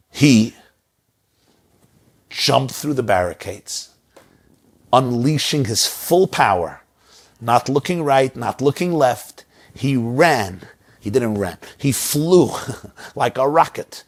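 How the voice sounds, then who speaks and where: Dramatic storytelling man, mid-pitched. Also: breathy edge. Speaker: inspirational speaker. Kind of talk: storytelling sermon.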